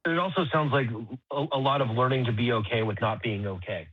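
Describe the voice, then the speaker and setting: Calm man, dull dry sound. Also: mid-range voice, fairly quick, dry recording. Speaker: co-host. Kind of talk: casual panel discussion.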